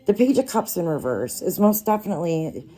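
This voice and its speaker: A woman giving a casual tarot card reading, talking straight to the listener in an unhurried, reassuring way. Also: lowish voice, very animated, warm tone, faint music behind. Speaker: tarot reader.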